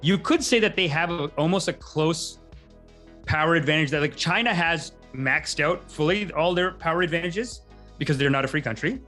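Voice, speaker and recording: Higher-voiced man rambling comedically. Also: fairly bright tone. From Canada. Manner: rambling, tangent-prone, quick asides. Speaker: podcast host, comedian. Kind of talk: casual comedic monologue.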